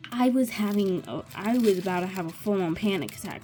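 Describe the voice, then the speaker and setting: A woman's voice: mid-range voice, a little fast, hardly any pauses, darkish tone, faint music behind. A young woman telling a rambling personal story in a casual chat while crafting, often restarting her sentences. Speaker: vlogger.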